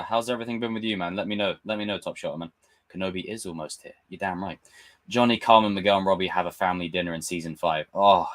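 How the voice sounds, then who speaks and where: A young man hosting a live stream, chatting casually and ranting with lots of swearing. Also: on the low side. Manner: animated, swearing, ranting fan. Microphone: desk mic with camera.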